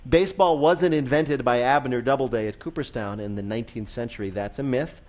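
A man hosting a radio quiz, reading questions playfully and laughing often. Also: medium pitch. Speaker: quiz show host.

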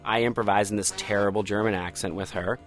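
A comedian in his thirties tells a personal story in a lowish, fast voice, with faint music behind him. He's animated and acts out the dialogue as he goes.

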